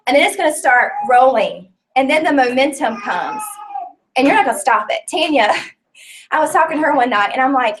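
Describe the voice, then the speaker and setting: A woman's voice: high voice, far from the mic. A woman teaching a small class in a casual, chatty way, earnest and full of fillers, sometimes close to tears. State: tearful at times. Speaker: business trainer teaching a class. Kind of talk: casual live class talk. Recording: voice picked up from across a room.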